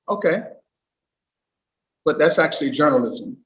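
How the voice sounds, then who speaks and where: A man giving an emphatic livestream talk as a storytelling coach, swinging from loud bursts to hushed asides. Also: high-pitched, expressive, moderate pace, echoey room, rough recording.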